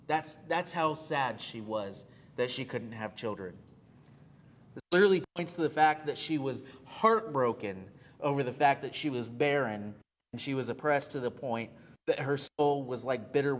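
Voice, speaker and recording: A male pastor preaching a sermon, earnest and repeating key phrases for emphasis, with frequent "uh" fillers. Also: mid-range voice.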